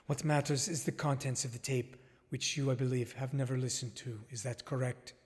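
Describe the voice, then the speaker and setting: A man's voice: medium pitch, steady tone, natural voice. A man doing a grave, formal documentary filmmaker. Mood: solemn. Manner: solemn, deliberate, formal. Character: grave male documentary filmmaker, solemn and measured. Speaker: interviewer. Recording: long hall reverb.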